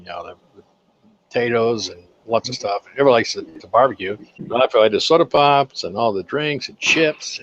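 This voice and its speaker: An older man tells folksy business anecdotes in a relaxed interview, acting out the voices of the people in his stories. His voice sits at an everyday middle pitch. The recording sounds a little dull and lo-fi. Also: a little hiss or hum. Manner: folksy, animated anecdotes with acted-out quotes. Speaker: guest, accounting firm owner for contractors. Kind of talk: casual interview storytelling.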